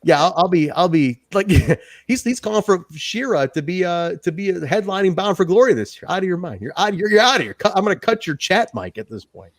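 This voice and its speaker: An animated, excitable man co-hosting a wrestling review chat. He rants with wide swings in his voice and swears freely, and his fairly high voice sits close and dry with no room around it. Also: fairly quick, hardly any pauses, no room sound. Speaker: podcast co-host.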